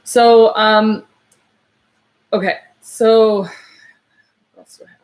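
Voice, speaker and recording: This woman is a psychic medium giving a reading live, speaking in a mid-range voice with level tone. She hesitates and restarts often, filling gaps as she searches, then turns slow and gentle to pass messages along.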